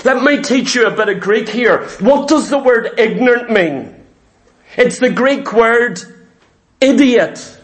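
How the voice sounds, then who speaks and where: A man with a notably high voice delivers a sermon. He preaches in an emphatic, repetitive rhythm and stretches out the words he stresses. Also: unhurried, fairly bright tone.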